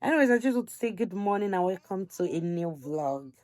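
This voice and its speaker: A woman's voice: mid-range voice, lively intonation, fairly quick, a little mellow. A woman in her twenties with a Nigerian accent, chatting at home in a rambling, casual vlog style. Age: 20s. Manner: chatty and rambling, full of "like" and "so yeah". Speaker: vlogger.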